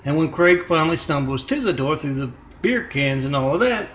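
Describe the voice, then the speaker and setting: A man delivering a rambling, disjointed self-promotional monologue, halting with fillers. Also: fairly high pitch, lively intonation. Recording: muffled lo-fi recording with faint hiss.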